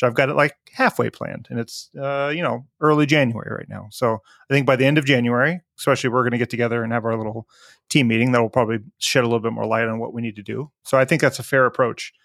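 A man with a gravelly edge to his voice talks quickly on a casual podcast, wandering through his thoughts and correcting himself mid-sentence. The recording is dry and close, with no room sound. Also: medium pitch, a bit bright, dry recording. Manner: rambling, meandering, self-correcting. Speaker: podcast co-host, business owner.

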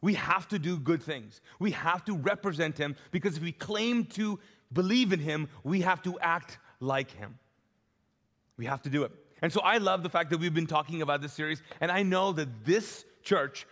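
Male pastor, higher-pitched, lively sermon storyteller, live in a large church hall with long reverb. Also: moderate pace. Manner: animated, conversational, acts out dialogue with self-deprecating humor.

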